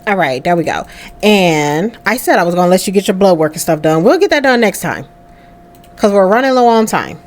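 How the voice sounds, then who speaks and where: A woman's voice: lowish voice, animated, fairly quick. A young woman chatting casually through a life-sim game, talking to her character as she plays. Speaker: let's play host. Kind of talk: casual gameplay commentary.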